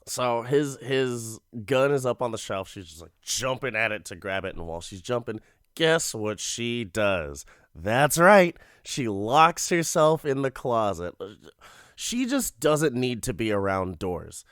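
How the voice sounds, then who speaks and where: Male podcast host, loose and profane amused storytelling, smooth voice, dry close mic. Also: mid-range voice, very animated, a little slow, fairly bright tone, no room sound. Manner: rambling, profane, amused storytelling with frequent laughs. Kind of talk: casual comedic episode recap.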